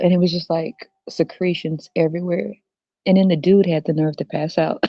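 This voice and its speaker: A podcast host with a low, steady, creaky voice talks fairly quickly in a dull, lo-fi, dry recording with no echo. Her casual monologue is a rant: blunt, crude, mocking, and punctuated by frequent laughter.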